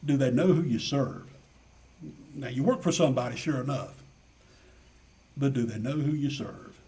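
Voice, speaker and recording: A man's voice: medium pitch, normal speed, mellow, recorded from a distance. A man preaching a sermon in an earnest way, asking many rhetorical questions and repeating his key phrases.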